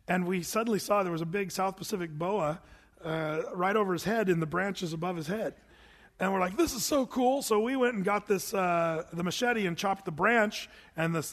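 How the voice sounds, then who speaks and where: The pastor, a middle-aged man, works through his sermon verse by verse, acting out voices as he tells lively stories. He speaks in a high register, and the recording sounds like a large hall.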